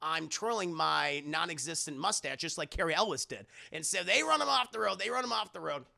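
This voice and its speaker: A young man recapping a movie to his stream chat in an animated, profane way, acting out the characters. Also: a little high, a little fast, creaky. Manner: animated, profane, acts out characters in mock voices.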